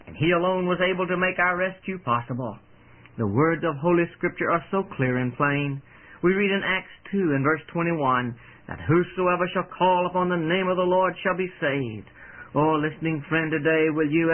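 Earnest radio preacher on a tinny broadcast. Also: male voice, on the high side. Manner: earnest, pleading. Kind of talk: storytelling sermon.

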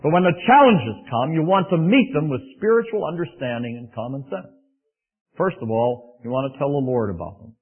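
Man, preacher, sermon, husky, slightly high, folksy, emphatic, tinny radio broadcast. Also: brisk. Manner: animated, raises voice for emphasis, folksy asides.

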